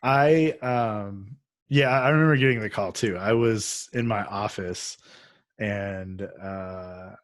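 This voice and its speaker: Laid-back young man with a low voice. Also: slow, dry recording. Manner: laid-back, rambling, laughs easily. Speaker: podcast host, actor. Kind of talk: casual chat.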